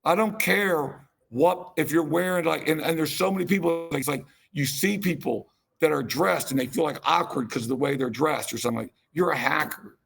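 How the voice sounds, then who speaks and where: Gravelly raspy guy giving a fired-up rambling keynote, self-deprecating. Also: a little high, moderate pace, few pauses, fairly bright tone. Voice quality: gravelly, husky. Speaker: keynote speaker. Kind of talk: conference keynote talk.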